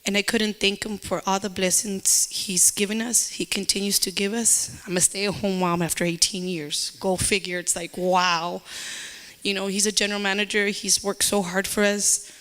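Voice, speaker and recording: A woman's voice: mid-range voice, flat delivery, normal speed, fairly bright tone. Emotional woman giving church testimony. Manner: emotional, repetitive, with Spanish phrases. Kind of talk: personal testimony.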